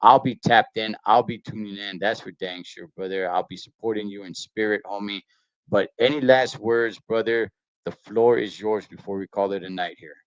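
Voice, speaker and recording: A man's voice: fairly low pitch, steady tone, normal speed, no echo. A man hosting a casual live-stream interview, talking in a laid-back way with friendly slang. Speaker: stream host. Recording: dry, dull lo-fi stream audio.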